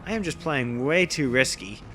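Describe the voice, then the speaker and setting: Bright-voiced man casually narrating gameplay. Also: mid-range voice, animated, normal speed, a little hiss or hum. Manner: casual, rambling, self-deprecating. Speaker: gameplay commentator. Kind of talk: let's play commentary.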